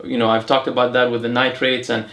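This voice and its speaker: A man's voice: medium pitch, little pitch movement, quick pace, a bit bright. Chatty man hosting, echoey room. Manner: chatty, rambling with fillers and restarts. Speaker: host. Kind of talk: casual Q and A chat.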